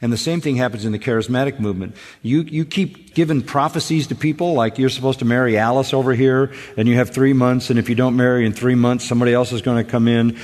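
A man talking in a relaxed radio discussion. He speaks earnestly and with emphasis, and often repeats words as he starts a thought. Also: medium pitch, fast, hardly any pauses, big-room sound.

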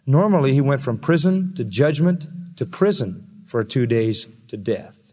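A man preaching a sermon as pastor, emphatic, building to loud peaks and slowing down to stress key words. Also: medium pitch. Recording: long reverb of a large hall.

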